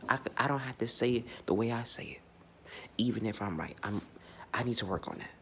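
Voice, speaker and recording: Brisk and mid-range, this man's voice carries over slight background noise. He's an astrology vlogger giving an emphatic, unscripted, profane monologue, bluntly restarting his sentences often.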